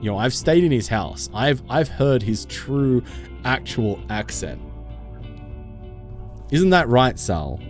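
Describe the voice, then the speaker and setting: A man's voice: mid-range voice, sing-song, slow, long pauses, soft background music. A man streaming a game live, chatting casually with his viewers and laughing often.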